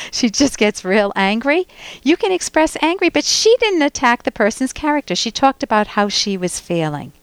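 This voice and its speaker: A woman's voice: a little high, sing-song, normal speed, clear, resonant tone, no room sound. A woman hosting a radio call-in show as a clinical psychologist, giving direct, emphatic advice with pointed rhetorical questions, on a close studio mic.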